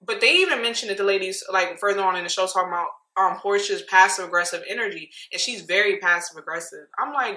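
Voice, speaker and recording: A woman recapping reality TV in casual, opinionated chat, speaking animatedly with quick asides. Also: mid-range voice, sharp tone, roomy sound.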